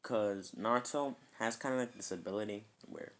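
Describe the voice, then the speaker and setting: A man's voice: lowish voice, moderate pace, a bit bright. A man casually telling a made-up fan story, rambling and filling it with "kinda" and "like".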